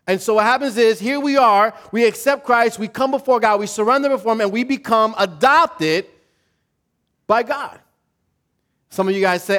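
Animated man preaching a casual sermon. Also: high voice, moderate pace. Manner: animated, animated storytelling with acted-out voices; casual slangy delivery. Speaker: pastor. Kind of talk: conversational sermon.

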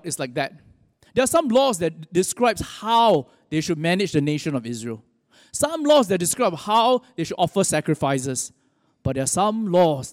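A man's voice: sits high, a little mellow, studio quality. A man preaching a sermon as pastor, conversational and asking his listeners questions. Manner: conversational, asks the audience questions. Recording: long hall reverb.

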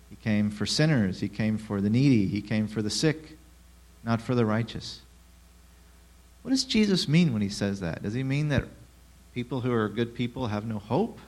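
Man preaching with rhetorical questions. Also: mid-range voice. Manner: rhetorical questions, lively shifts in loudness; sarcastic asides. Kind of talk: sermon.

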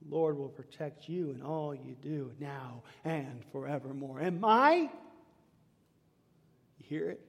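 A man preaching a sermon, emphatic, swinging between loud declaiming and hushed whispers. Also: on the high side, a little slow. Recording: long reverb of a large hall.

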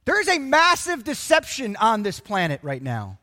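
A man preaching a sermon, emphatic and animated, quoting scripture. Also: extremely high pitch, normal speed, big-room sound. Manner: animated and emphatic, acts out voices of people.

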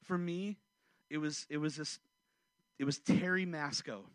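Bright-voiced man preaching a story. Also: a little high, measured pace, no echo. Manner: storytelling, animated, swings from loud to hushed. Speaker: pastor. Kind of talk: sermon with personal story.

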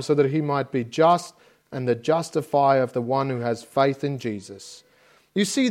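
This male pastor's voice sits high with a mellow edge. He preaches conversationally, weaving in personal stories from family life, often restarting his sentences and asking the congregation "okay?"

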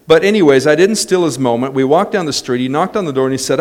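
A man's voice: medium pitch, fast talker, hardly any pauses. A middle-aged man preaching a sermon, telling stories with joking asides. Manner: lively storytelling with joking asides. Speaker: pastor.

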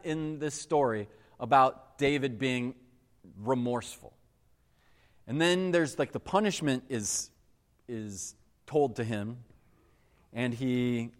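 A man's voice: medium pitch, expressive, slow, pauses often. A man preaching a sermon, retelling a story in a casual, conversational way and slipping into quoted voices. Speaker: pastor. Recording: echoey hall with long reverb.

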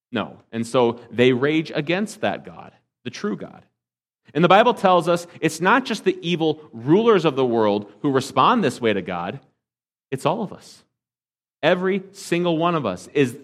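Man preaching, swinging loud to hushed. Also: mid-range voice. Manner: preaching with rhetorical questions to the congregation; swings between emphatic and hushed delivery. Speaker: pastor. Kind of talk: sermon.

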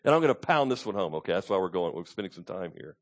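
A man's voice: low-pitched, very animated, fast. A man preaching a sermon as pastor, emphatic, repeating his key points and asking the congregation to call out answers.

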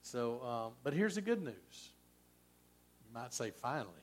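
A man preaching a sermon as a pastor, conversational and folksy, with frequent asides to the congregation. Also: a little slow. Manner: conversational preaching, folksy asides, lively swings in pitch and loudness.

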